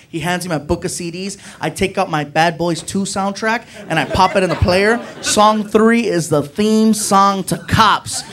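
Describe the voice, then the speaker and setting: A male stand-up comedian telling a long story on stage, animated and acting out every character with shifting voices. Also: sits high, fairly quick, hardly any pauses. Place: comedy stage before a live audience. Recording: live show with crowd laughter and noise.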